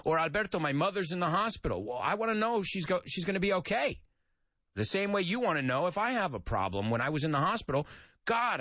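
Animated male English teacher. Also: on the high side, dry recording, clean studio sound. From Andalusia, Spain. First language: Spanish. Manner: animated, laughs often, switches between English and Spanish. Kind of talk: casual online English lesson.

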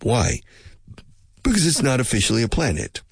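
A man's voice: medium pitch, wildly swooping pitch, normal speed, creaky, slightly rough, dry recording, studio quality. A man teaching English in a casual spoken lesson, musing and speculating aloud and drilling pronunciation by repetition.

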